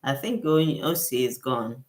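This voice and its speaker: A woman's voice: extremely low pitch, a little slow. Effusive woman hosting a skincare livestream. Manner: effusive, repeats herself, thanks viewers often. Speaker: skincare consultant and livestream host. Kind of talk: casual livestream Q&A with viewers. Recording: roomy echo.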